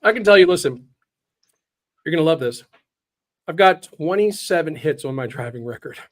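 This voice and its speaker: Guy hosting a live talk show, kinda high voice, blunt and jokey. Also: expressive, normal speed. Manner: blunt, joking storyteller. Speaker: show host. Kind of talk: casual chat.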